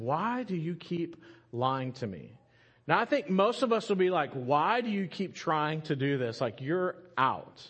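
A middle-aged man, preaching a sermon as a pastor, telling a scripture story with humorous asides to the congregation. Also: mid-range voice.

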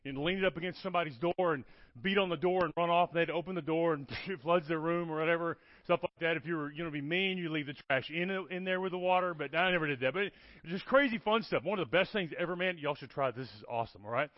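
A man's voice: a little high, quick pace, dry recording. A man, telling stories in a sermon and often asking "okay? all right?". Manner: animated, keeps checking in with "okay? all right?". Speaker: guest preacher. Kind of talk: storytelling sermon. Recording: dull lo-fi sound, dry.

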